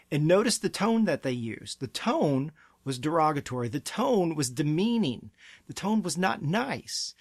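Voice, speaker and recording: Man, gravelly and fairly high-pitched, earnest parenting advice in a dry, close sound. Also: fairly bright tone, dry recording. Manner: earnest, emphatic, acts out parent and child quotes. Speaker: pediatric therapy clinic presenter. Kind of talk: advice talk to camera.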